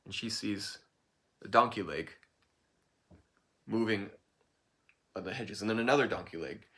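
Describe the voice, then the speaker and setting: A man telling a folk tale in an informal, improvised way, relaxed and correcting himself as he goes. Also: lowish voice, a little slow. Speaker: storyteller.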